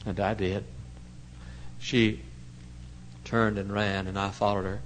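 A male pastor telling a story in a sermon, swinging from hushed to loud. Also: on the low side, little pitch movement, slow, a little hiss or hum, rough recording.

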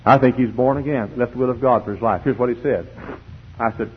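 A man preaching a fiery sermon in church, swinging from hushed pleading to shouting. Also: mid-range voice, steady tone, fast, slight background noise. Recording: dull lo-fi tape recording.

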